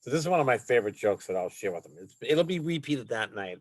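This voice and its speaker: A man's voice: medium pitch, expressive, fast talker, no room sound. A man, a comedian guest, chatting casually and joking through an interview.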